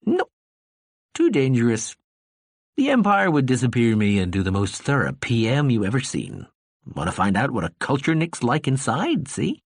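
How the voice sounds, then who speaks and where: A man's voice: medium pitch, huge pitch swings, normal speed, no room sound, studio quality. A man voicing a drunken male ambassador who rambles in a slurred, meandering way, sardonic and weary.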